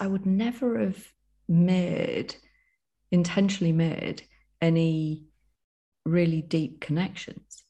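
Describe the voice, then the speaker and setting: A woman's voice: deep voice, husky. A woman from the UK, a recovery coach co-hosting a podcast, talking in a heartfelt casual way. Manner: warm, heartfelt, emotional. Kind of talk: casual chat.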